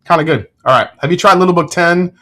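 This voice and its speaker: A man's voice: a little high, fast, bright, forceful tone. A man hosting a casual whiskey livestream, giving tasting notes, joking with chat and swearing freely.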